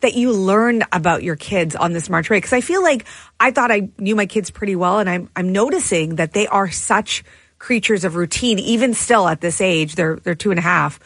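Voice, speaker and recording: A woman in her thirties co-hosting on air, talking in a chatty, quick way. Her voice has a husky edge and a middle pitch. It is recorded dry and close at a studio mic. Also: fairly bright tone, no echo. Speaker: radio co-host. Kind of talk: casual morning radio chat. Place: radio studio. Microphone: studio microphone.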